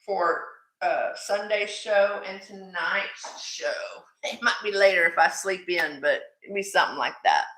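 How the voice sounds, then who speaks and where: A woman's voice: lowish voice, a little slow, bright, forceful tone, reverberant. A woman hosting a live jewelry sale stream, chatty and affectionate with her viewers, calling them sweetie. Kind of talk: live-stream selling chat.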